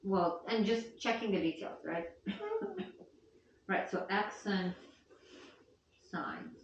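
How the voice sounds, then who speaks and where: A woman's voice: mid-range voice, slow, muffled recording, a little hiss or hum. Patient woman teaching piano, echoey and distant. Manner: patient, counts beats aloud loudly. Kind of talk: one-on-one piano lesson. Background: piano playing.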